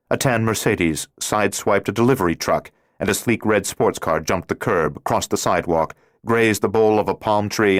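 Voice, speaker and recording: A man narrating a thriller audiobook in a steady, measured reading voice. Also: deep voice, no room sound, clean studio sound. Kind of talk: scripted narration.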